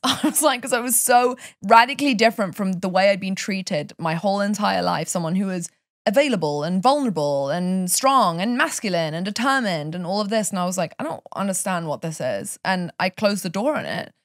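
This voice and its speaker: A woman's voice: mid-range voice, brisk, dry recording, clean studio sound. A woman from Europe, a life coach chatting on a podcast and telling stories with passion. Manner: passionate, animated storytelling. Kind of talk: casual podcast chat.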